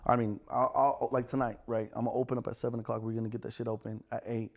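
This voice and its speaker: A young man, telling stories in casual podcast chat, animated and profane. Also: mid-range voice, fast. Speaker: podcast guest, restaurant owner.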